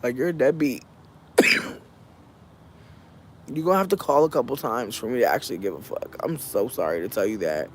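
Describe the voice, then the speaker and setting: A man's voice: medium pitch, expressive, normal speed, pauses often, a little mellow, slight background noise. A man in a casual livestream, animatedly telling a family story with profanity and laughs while thanking viewers. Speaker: live streamer.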